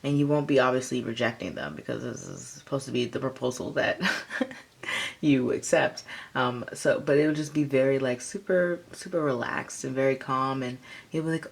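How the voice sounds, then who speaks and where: A woman's voice: extremely low pitch, moderate pace, creaky. A woman giving a casual tarot reading, rambling with lots of fillers. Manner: rambling, filler-heavy, chatty. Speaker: tarot reader.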